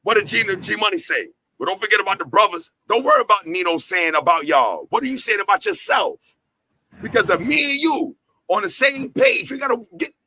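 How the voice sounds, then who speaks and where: Sitting high in pitch, this man's bright, forceful voice carries vocal fry as he hosts the talk show of the entertainment company he heads. He preaches in a profane, fired-up way, leaning on repeated lines and rhetorical questions. Expect slight background noise and a low-quality recording.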